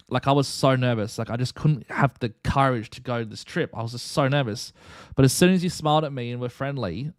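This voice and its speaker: A young man, hosting a live stream and telling a lively personal story in casual chat. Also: medium pitch, no room sound, clean studio sound. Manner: animated, chatty storyteller acting out dialogue. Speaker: streamer and host.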